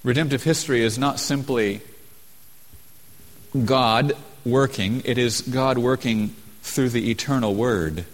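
Male pastor, mid-pitch, emphatic sermon delivery, reverberant sanctuary sound. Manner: emphatic, slows down to stress key phrases. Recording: long hall reverb.

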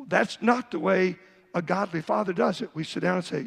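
A man's voice: sits high, normal speed, gravelly, a bit bright, husky, big-room sound. A man, the pastor, preaching a sermon, reading Bible verses aloud and acting out a father's talk with his son. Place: church sanctuary.

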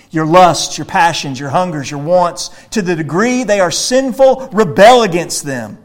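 A man with a voice on the high side preaches a sermon emphatically. He swings between quiet explanation and loud, forceful declarations.

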